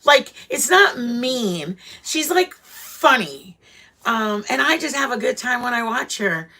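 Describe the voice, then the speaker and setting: A middle-aged channel host speaks slowly but animatedly to her live viewers, her voice on the high side with a sharp tone. The livestream chat is casual, and she rambles bluntly, packing in fillers and restarts.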